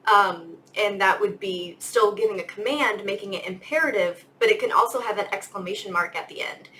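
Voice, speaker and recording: A woman's voice: medium pitch, a little fast, bright, forceful tone, poor audio. A young woman giving a casual grammar lesson as a teacher, chatty and full of fillers. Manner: chatty, lots of "like" and "um". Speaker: English teacher.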